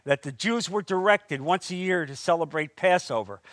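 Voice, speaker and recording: A man preaching a sermon as pastor, with animated delivery that rises into emphatic bursts. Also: on the high side, normal speed, dry recording, clean studio sound.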